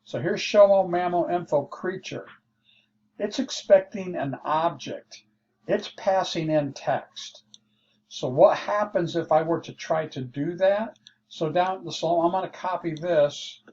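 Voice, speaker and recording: A man explaining code in a slow, unhurried lesson, his voice a little higher than most men's. He thinks aloud as he goes, walking through each step. The sound is dull and lo-fi, with a faint hiss underneath. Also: a little mellow. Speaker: programming instructor. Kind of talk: screen-share coding lesson.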